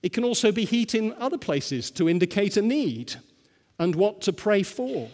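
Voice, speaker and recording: A man's voice: high voice, big pitch swings, normal speed, darkish tone. A male pastor preaching a sermon and telling stories, often asking the listeners rhetorical questions. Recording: long hall reverb.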